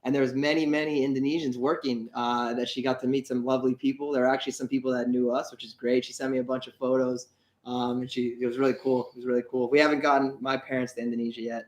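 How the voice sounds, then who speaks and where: A young man co-hosting a livestream, chatting loosely and rambling through his points with fillers and restarts. His voice sits at an ordinary middle pitch. The room around him rings with a roomy echo. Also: flat delivery, fast, darkish tone. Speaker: co-host of a travel channel. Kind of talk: casual livestream chat.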